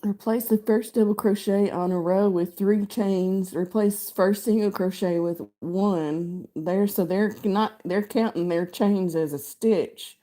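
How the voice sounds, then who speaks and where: Woman crochet host just chatting along, slow and rambly, lots of ums and likes. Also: mid-range voice, steady tone, warm tone. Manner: rambling and chatty, many fillers, reads pattern text aloud. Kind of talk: casual chat while crocheting live.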